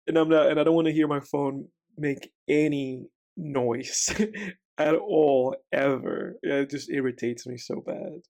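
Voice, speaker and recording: A man's voice: a little high, unhurried, vocal fry, darkish tone. A man co-hosting a casual movie commentary podcast, who rambles with lots of "like" and restarts. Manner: rambling, full of "like" and restarts, laughs easily. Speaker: podcast co-host.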